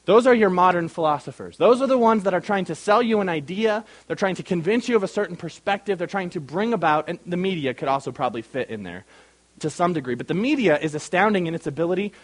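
A man with a notably high voice teaches a Bible class as its pastor. He speaks emphatically, puts questions to the group and calls on people by name. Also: lively intonation, fast.

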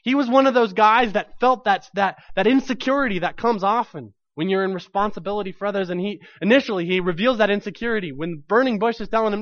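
A man's voice: sits high, fast, few pauses, a bit bright, dry recording, highs cut off. A man preaching a sermon to his congregation, telling the story with animation and acting out the voices in it.

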